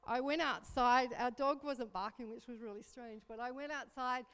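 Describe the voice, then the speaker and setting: A woman's voice: fairly high pitch, normal speed, clean tone. A woman in her fifties telling a self-mocking story in a chatty church talk. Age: 50s. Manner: chatty, self-mocking, animated when recounting panic. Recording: reverberant hall.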